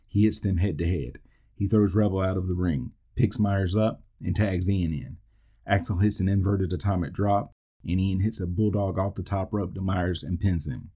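A man's voice: low-pitched, steady tone, moderate pace, dark tone, slightly rough. A man hosting a podcast, narrating a play-by-play recap of a wrestling match and dropping dry wisecracks between the moves. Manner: dry asides and wisecracks between call-outs. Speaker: podcast host.

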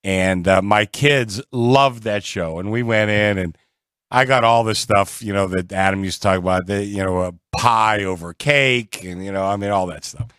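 A man's voice: lowish voice, normal speed, smooth, dry recording, clean studio sound. A middle-aged man from the Pittsburgh area, a guest in a casual sports chat, telling stories with a chuckle. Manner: relaxed, chuckling storyteller.

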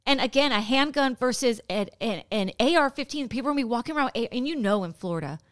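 A podcast co-host talks in casual chat, indignant but conversational. Her voice is smooth and clear, a little high. The sound is dry and close. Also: expressive, fast, no room sound.

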